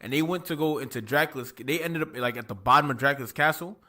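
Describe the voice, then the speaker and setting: A man hosting a casual podcast, animated and profane, steering the talk. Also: medium pitch, quick pace. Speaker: podcast host.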